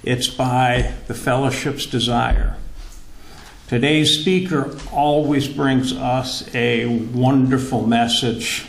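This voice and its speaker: Gravelly man introducing a speaker. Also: medium pitch. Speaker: service leader introducing the speaker. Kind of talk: formal introduction. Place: church hall. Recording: echoey church hall.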